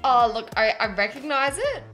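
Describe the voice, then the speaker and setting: A woman co-hosting a children's quiz game, in quick, upbeat, playful banter. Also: sits high, very animated, sharp tone, soft background music. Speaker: quiz co-host.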